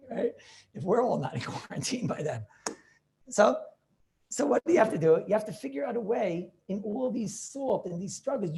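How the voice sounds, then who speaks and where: Gravelly-voiced rabbi, emphatic and repetitive. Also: male voice, sits high, dark tone. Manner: emphatic, repetitive preaching with rhetorical questions. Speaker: rabbi teaching a class. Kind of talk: informal Torah class over video call. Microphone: video call.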